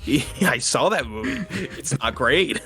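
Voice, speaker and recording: A young man co-hosting a podcast, chatting casually and retelling scenes with quick impressions. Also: mid-range voice, very animated, bright, forceful tone. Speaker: podcast co-host. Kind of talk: casual chat.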